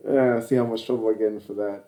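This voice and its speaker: A man's voice: lowish voice, steady tone, fast talker, crowd noise. A man co-hosting a podcast in casual chat, laughing often and swearing between rambling fillers. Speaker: podcast co-host.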